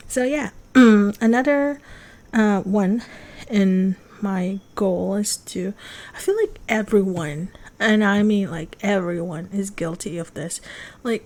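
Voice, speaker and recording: A young woman hosts a casual solo podcast, her voice sitting at an ordinary middle pitch. She rambles warmly through fillers and pokes fun at herself as she talks. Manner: chatty, self-deprecating, many fillers. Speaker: podcast host.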